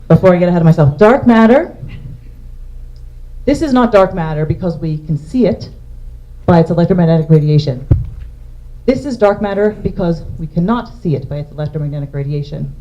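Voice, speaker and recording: A woman's voice: on the low side, animated, fairly quick, pauses often, mellow. A woman astronomer giving a public science lecture, explaining things step by step while pointing to slides. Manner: explanatory, walking through slides. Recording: dull lo-fi lecture recording.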